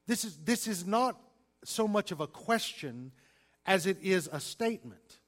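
A man preaching a sermon, stressing single words and swinging between loud and quiet delivery. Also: high-pitched, expressive, measured pace. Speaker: pastor.

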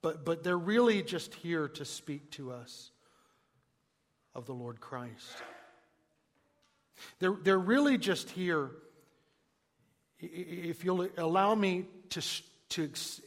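A man preaching a sermon, emphatic, moving between hushed and loud passages. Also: a little high, slow, long pauses. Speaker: pastor. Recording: long hall reverb.

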